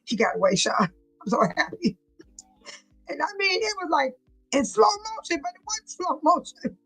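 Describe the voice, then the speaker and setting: A woman with a high voice hosts a casual livestream and reads out viewer chat. She talks in an emphatic, preachy way, repeats her points and laughs often. Soft music plays faintly behind her. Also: big pitch swings, normal speed, low-quality recording.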